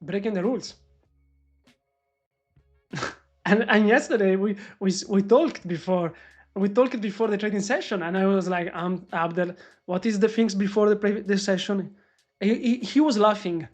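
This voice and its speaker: An excitable woman trader streams live commentary on her trades to viewers. Her voice sits in a middle register, and she swears freely and chats loosely. Faint music plays in the background. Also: mid-range voice, normal speed, long pauses.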